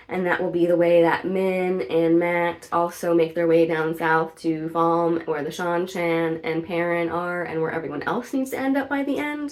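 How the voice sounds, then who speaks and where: A woman talking through a casual TV show review in a chatty, animated way, full of "like" fillers and the odd blunt swear. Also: mid-range voice. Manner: outspoken, swears in mock outrage. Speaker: video reviewer.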